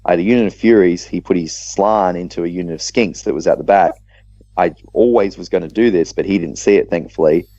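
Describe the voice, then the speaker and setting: Low-voiced Australian man telling game stories. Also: highs cut off. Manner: animated storytelling, quick restarts. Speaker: podcast co-host. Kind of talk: casual podcast chat.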